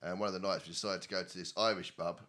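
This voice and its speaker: A man's voice: deep voice, steady tone, racing, bright, forceful tone. A man, a podcast guest telling exasperated anecdotes in a casual chat.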